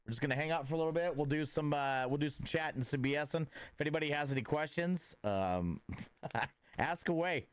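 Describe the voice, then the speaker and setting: A man's voice: on the high side, fairly quick, smooth, dry recording. A man chatting casually with viewers on a livestream, rambling with lots of filler words and greeting people by name. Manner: laid-back and friendly, greeting viewers by name.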